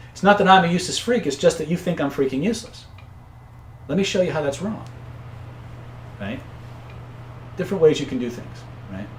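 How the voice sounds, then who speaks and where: Man, raised voice, live-stream coaching, casual and conversational, loud acted-out outbursts in stories, echoey room, faint hum behind. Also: fairly high pitch. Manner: conversational, tags points with "right?"; acts out angry voices loudly in stories. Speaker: influence coach. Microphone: own camera setup.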